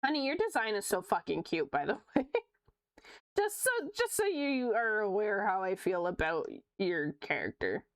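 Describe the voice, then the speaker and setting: A young woman streamer chatting casually while she draws, reading chat aloud, laughing often and swearing freely. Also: medium pitch.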